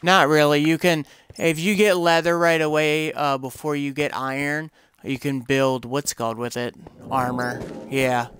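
A man's voice: fairly high pitch, flat delivery, moderate pace, fairly bright tone, clear, resonant tone. A man giving casual, rambling commentary over his own gameplay, often searching for words and exclaiming when things go wrong. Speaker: gameplay streamer.

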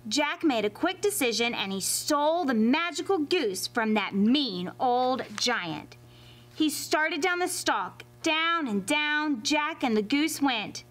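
A woman reading a fairy tale aloud to children as a library storyteller, expressive and animated. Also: high voice, slow pace, soft background music. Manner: expressive and animated, addressing kids.

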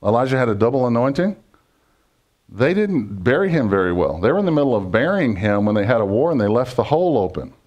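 Pastor, male, chatty sermon full of questions to the room, medium pitch. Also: big pitch swings, quick pace, a little mellow. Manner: conversational, jokey, asks congregation questions.

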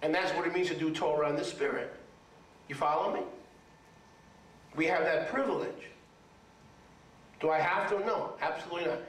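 Brief: man, rabbi delivering a sermon, raised pitch, emphatic and repetitive, echoey room, mic far off. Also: moderate pace, pauses often, a bit bright. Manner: emphatic, repeats words for stress, asks the audience for agreement. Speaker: rabbi teaching a congregation.

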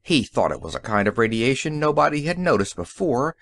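A man reading the part of a calm, cheerful inventor in an audiobook, explaining things in a matter-of-fact way. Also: mid-range voice, a little fast, dry recording.

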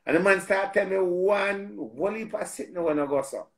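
A man with a Jamaican accent telling a story in a casual, animated way, repeating words and swearing freely. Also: sits high, normal speed, echoey room.

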